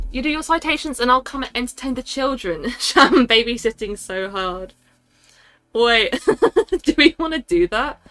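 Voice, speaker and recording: A woman's voice: a little high, fairly bright tone. A woman streaming live, chatting casually with a scattered, self-interrupting manner and frequent laughter. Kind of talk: casual livestream chat.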